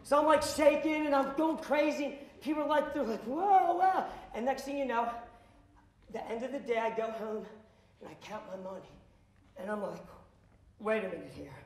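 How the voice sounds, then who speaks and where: Guy giving a pep talk to high school kids, pretty high voice, acts out all the voices and yells sometimes, echoey hall. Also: normal speed. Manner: acts out dialogue, bursts into shouts. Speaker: motivational speaker. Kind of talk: animated storytelling to students. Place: school auditorium.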